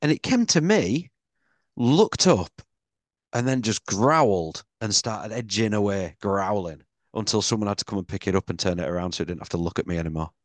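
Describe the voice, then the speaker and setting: A man's voice: lowish voice, fairly quick, no room sound. A British man, a podcast co-host, chatting casually and telling stories with lots of swearing. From Britain. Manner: swears a lot, animated storyteller. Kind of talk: casual chat.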